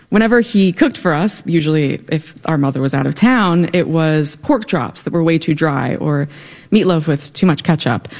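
A young woman telling a wry personal story on stage, with lively comic timing. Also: low-pitched. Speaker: storyteller at a live event.

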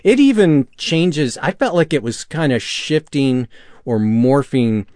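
A man's voice: mid-range voice, expressive, a little slow, a little mellow, dry recording, clean studio sound. A man hosting a music radio show, chatting casually about new songs with enthusiasm and some teasing.

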